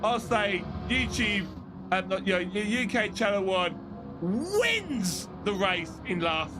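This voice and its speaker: A man commentating online races on his live stream, shouting during close finishes and then chatting loosely to his viewers while out of breath. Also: high voice, sing-song, slow, noisy background. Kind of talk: live race commentary and casual chat.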